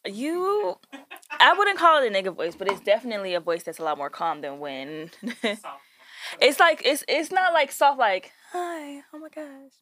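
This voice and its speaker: A woman's voice: a little high, moderate pace, slight background noise. A playful woman co-hosting a casual podcast. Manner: playful, laughing, lively back-and-forth. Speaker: podcast co-host. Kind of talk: casual chat.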